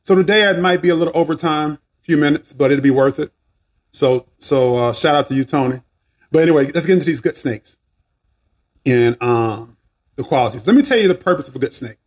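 Husky Southern man preaching on a podcast. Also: brisk. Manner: preachy, animated, swinging pitch, asides and restarts. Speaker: podcast host. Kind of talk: casual faith podcast talk.

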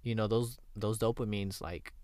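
A man's voice: lowish voice, level tone, normal speed, a little mellow, no room sound. A young man hosting a podcast, telling stories in a candid, profane, casual chat. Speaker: podcast host.

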